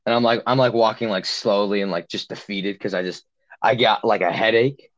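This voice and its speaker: A man's voice: on the low side, fairly even intonation, fairly quick, dull audio. A young man casually telling a long story on a podcast, rambling with many fillers and restarts. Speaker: podcast co-host.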